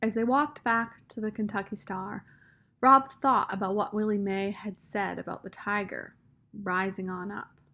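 A woman calmly reading a storybook chapter aloud in a measured way. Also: medium pitch, creaky. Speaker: audiobook narrator. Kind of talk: storybook narration.

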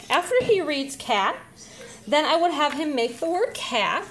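A woman teacher casually demonstrating reading activities, slightly out of breath, pausing often with "um". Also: high voice, background noise. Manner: chatty, with frequent "um" pauses while handling letters.

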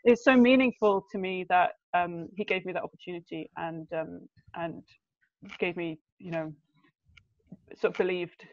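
A young woman telling stories as a podcast guest. She talks in an animated, emotional way, with big jumps in pitch. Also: normal speed. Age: young adult. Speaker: guest, documentary filmmaker. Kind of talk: conversational podcast storytelling. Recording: dull lo-fi sound.

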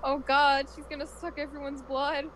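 A woman's voice: high voice, flat delivery, moderate pace, a bit bright, a little hiss or hum, rough recording. A woman chatting casually during a game playthrough, laid-back and giggly, with short replies. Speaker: co-player. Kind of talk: casual let's-play commentary.

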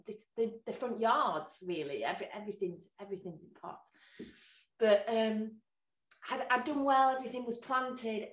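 A woman's voice: mid-range voice, distant mic. A woman telling a story on a video call, in a rambling way with many restarts. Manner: rambling, full of fillers and restarts. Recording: echoey room, away from the mic on a video call.

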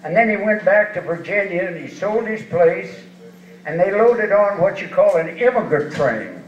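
A man's voice: high-pitched, lively intonation, moderate pace, a little hiss or hum. A man in his eighties from eastern Washington, telling folksy, chuckling rodeo stories in an onstage interview. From eastern Washington, USA. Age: 80s. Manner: folksy, chuckling, rambling anecdotes. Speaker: rodeo hall of fame inductee, interviewee. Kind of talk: storytelling on stage interview. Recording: distant, echoey and dull hall sound.

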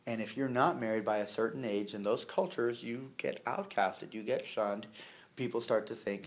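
A man's voice: on the low side, normal speed. A man preaching a sermon in a conversational way, with humor, many fillers and repeated words. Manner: conversational, with humor and acted-out quotes.

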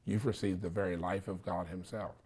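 A male preacher with a somewhat low voice delivers a sermon. He teaches through short, repeated phrases that hammer home each point, and he often pauses to ask "okay?" to make sure the listener is following. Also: fairly even intonation, a little mellow, breathy edge. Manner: repetitive, insistent teaching with frequent "okay?" check-ins.

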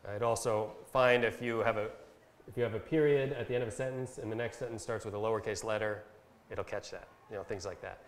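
A man presenting a Bible translation workshop, explaining step by step in a casual instructional style with fillers, and reading verses slowly. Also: lowish voice, steady tone. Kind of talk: casual instructional talk with screen demo. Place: talk given at a camp session. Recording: echoey room sound.

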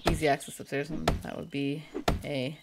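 A woman's voice: sits low, flat delivery, normal speed, heavy background noise. A woman chatting casually and joking crudely with her chat while she streams a game. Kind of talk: casual live-stream commentary.

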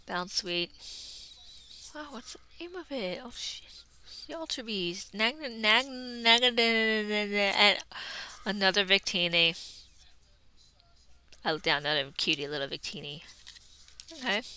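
A woman in a casual card-opening vlog, chatting and murmuring to herself, then bursting into excited squeals. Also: lowish voice, unhurried, pauses often. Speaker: YouTube creator.

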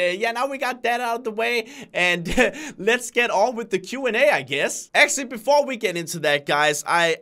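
A man's voice: high voice, pushed and bright. A man talking casually and earnestly to his viewers in a vlog, chatty and often calling them guys. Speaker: YouTuber.

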